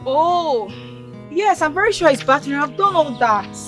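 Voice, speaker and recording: A wealthy young Nigerian woman, polite and earnest, in a slightly high voice. A clear music score plays behind her. Nollywood film acting. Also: animated, normal speed. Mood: anxious. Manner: anxious, pleading on the phone.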